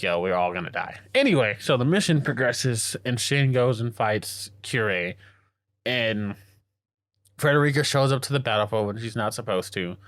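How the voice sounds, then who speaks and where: A man co-hosting a podcast, recapping a story in an excited, slangy way and acting out the characters' lines as he goes. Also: medium pitch, no echo. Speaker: podcast co-host. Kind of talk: casual anime recap chat.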